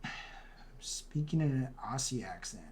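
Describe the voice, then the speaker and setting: A man's voice: medium pitch, animated, a little slow, a little mellow, slight background noise. A man hosting a casual chat while painting miniatures, laid-back with dry asides.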